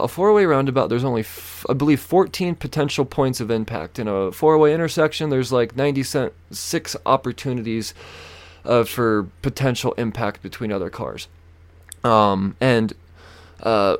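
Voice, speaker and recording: Profane, animated young man telling a story. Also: mid-range voice. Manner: animated, swearing, acts out quoted people in raised voices. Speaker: podcast host.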